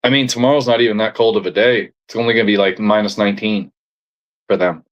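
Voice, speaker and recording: Relaxed, profane man chatting with friends. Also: lowish voice, fast talker, highs cut off. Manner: profane, laid-back, joking. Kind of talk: casual banter.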